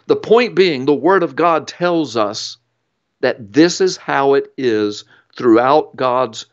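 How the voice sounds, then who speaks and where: A man's voice: mid-range voice, expressive, slow, dull audio. A man guest in an interview, explaining with an earnest, emphatic, preacherly storytelling manner. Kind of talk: interview teaching.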